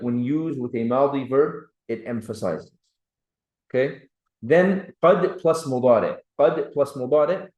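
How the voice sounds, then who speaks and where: A man's voice: mid-range voice, a little mellow. Patient male teacher in an echoey room. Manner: patient, checks understanding with "right?" and "clear?". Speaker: Arabic teacher. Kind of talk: classroom grammar lesson. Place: classroom.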